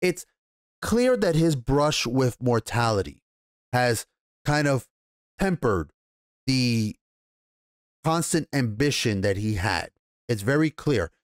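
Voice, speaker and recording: A man giving a casual, rambling TV episode recap and review, excitable and profane, with many restarts. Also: medium pitch, slow, pauses often, no echo, studio quality. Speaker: TV show reviewer.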